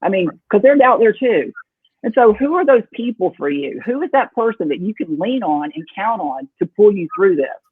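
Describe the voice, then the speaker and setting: A woman's voice: mid-range voice, animated, normal speed, slightly rough, no echo. A woman talking as a real estate team leader on a video-call panel. She is upbeat and earnest, with a playful streak. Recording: tinny phone-like call audio.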